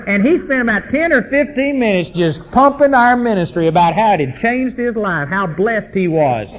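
A middle-aged man tells stories from the pulpit in a folksy, emphatic manner. His voice sits a little high for a man. A faint hum of room noise runs underneath. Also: expressive, moderate pace, lo-fi sound. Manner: folksy, emphatic storytelling with rising intensity. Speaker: preacher. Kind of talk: sermon storytelling.

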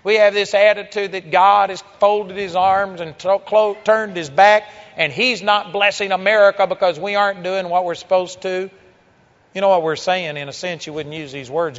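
A man preaching a sermon in a church, emphatic and forceful, shifting between quiet stretches and sudden loud exhortations. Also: high voice, big-room sound, muffled recording.

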